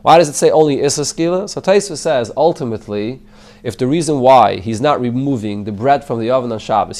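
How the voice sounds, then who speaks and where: A man's voice: medium pitch, expressive, brisk, a little mellow. A man, a rabbi, teaching a Talmud class, translating the text line by line and explaining it in English mixed with Hebrew and Yiddish terms. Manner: answers students' questions.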